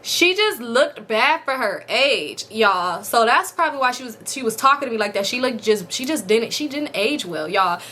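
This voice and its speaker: A young woman with a bright, high-ish voice recounts a story to her viewers in a casual vlog. She swears freely and acts out every line of dialogue. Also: lively intonation, moderate pace, few pauses. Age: 20s. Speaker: storytime vlogger.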